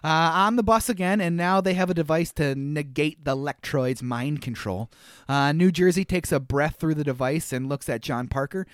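High-voiced guy doing a casual movie recap, wry, laughs a lot, dry close mic. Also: normal speed, smooth, no room sound. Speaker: podcast co-host.

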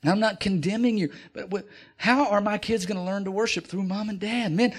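A middle-aged man preaching a sermon as pastor, talking in an animated way and building up to near-shouted exhortations. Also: sits high, fairly quick.

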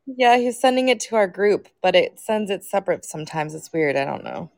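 A woman's voice: mid-range voice, expressive, a little fast, a little mellow, no room sound, clean studio sound. A woman co-hosting a podcast, chatting casually and reacting briefly. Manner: brief reactions, laughs along. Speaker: co-host. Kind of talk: casual chat.

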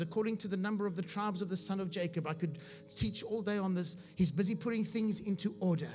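A man preaching, reading scripture aloud and explaining it with humor, often asking if his listeners follow. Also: high voice. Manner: asks his audience if they follow. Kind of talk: sermon.

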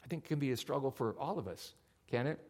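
A man preaching a sermon as pastor, in an animated, conversational storytelling way. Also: mid-range voice, quick pace.

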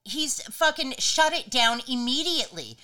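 A woman co-hosting a podcast in casual, blunt, profane chat, telling stories with animated quoting. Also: sits high, moderate pace. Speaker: podcast co-host.

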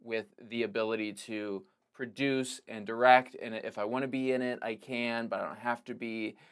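A man chatting casually as a podcast guest, his voice sitting at an ordinary middle pitch. He rambles and circles back, peppering everything with "like" and "you know." The delivery is loose and unscripted. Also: steady tone, normal speed, clear, resonant tone. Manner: rambling, full of "like" and restarts. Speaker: podcast guest, filmmaker and comedic actor. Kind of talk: casual conversation.

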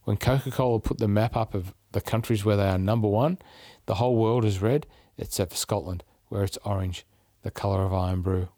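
Australian male podcast host, low-pitched, dry close sound, upbeat storyteller. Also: fairly even intonation, a little fast, hardly any pauses, dark tone, no room sound. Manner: chatty storyteller, upbeat, restarts mid-phrase. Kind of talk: casual travel chat.

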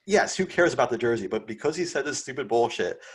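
A man's voice: mid-range voice, expressive, fast talker, background noise. A man ranting about sports in profane, worked-up casual chat as a podcast host. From Philadelphia.

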